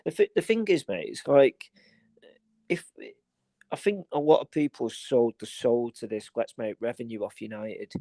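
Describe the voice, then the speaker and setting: A man's voice: mid-range voice, very animated, unhurried, mellow, dry recording. A man co-hosting a football podcast, ranting in casual chat and swearing a lot. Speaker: podcast co-host.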